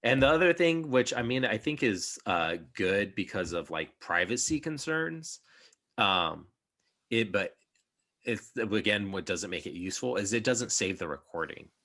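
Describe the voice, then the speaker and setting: A young man talks casually as a podcast host, rambling through his thoughts with plenty of fillers. His voice sits low but has a bright, forward edge. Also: expressive, a little slow. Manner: rambling, many fillers and restarts. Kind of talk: casual chat.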